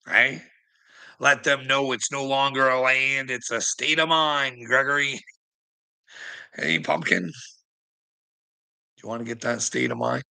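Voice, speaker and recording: A man rambles through a profane rant at his viewers, calling them out by name between chuckles. His voice is gravelly, with a hard, tense edge, and sits at an ordinary pitch for a man. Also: unhurried, pauses often, bright, forceful tone, low-quality recording. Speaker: streamer talking to chat. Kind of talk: rambling ranting monologue.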